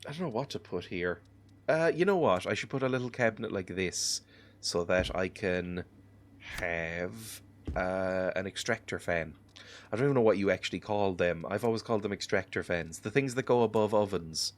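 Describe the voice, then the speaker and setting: A man's voice: deep voice, moderate pace. A sick man giving rambling, self-mocking commentary while playing a game, chuckling often. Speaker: gaming video host. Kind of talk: casual let's-play commentary.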